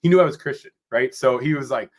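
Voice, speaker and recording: A drummer from Rochester, New York, guests on a podcast and tells a story in a casual interview setting. His voice is mid-range and he talks fast, rambling and animated, often tossing in "you know what I'm saying."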